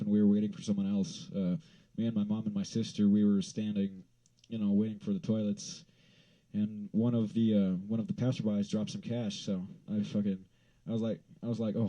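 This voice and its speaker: A man from Wyoming telling a rambling, profane story in a casual vlog, swinging into loud exasperated rants. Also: lowish voice, flat delivery, normal speed, poor audio.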